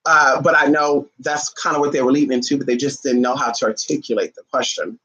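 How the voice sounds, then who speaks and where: A man giving spiritual advice on a casual livestream, blunt, profane and animated as he acts out his viewers' questions. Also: mid-range voice, fairly quick, lo-fi sound.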